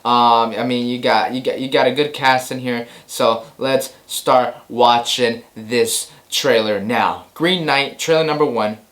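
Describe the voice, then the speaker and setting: Male host, casual movie chat, excitable and rambling, mid-pitched voice. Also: unhurried, hardly any pauses. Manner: excitable, rambling, repeats himself, laughs often. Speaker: host of a movie news show.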